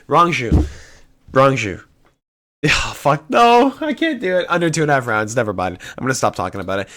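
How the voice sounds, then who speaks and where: Indecisive, foul-mouthed young man with a bright voice. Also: medium pitch, big pitch swings, normal speed. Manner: indecisive, swears often, flips picks. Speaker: MMA prediction YouTuber. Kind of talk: casual solo prediction talk.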